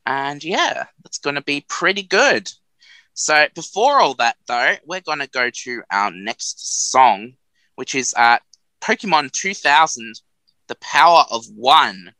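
A man's voice: fairly high pitch, sing-song, slow, sharp tone, dry recording, low-quality recording. A man co-hosting a community radio show, chatting casually in a rambling, self-mocking way and laughing at his own jokes.

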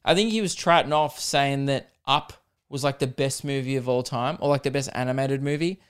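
A young man rambles crudely through a story on his own podcast and pokes fun at himself as he goes. His voice sits at a middle pitch and comes across smooth and resonant. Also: brisk. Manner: rambling, crude and self-mocking. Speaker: podcast host. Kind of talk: casual solo podcast storytelling.

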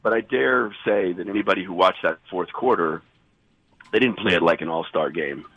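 Calling in to sports radio as an insider guest, a man fighting a cold analyzes basketball in a husky, sick voice, rambling, correcting himself, and speaking emphatically. His voice is low and slightly rough at normal speed, and the recording is dry and muffled.

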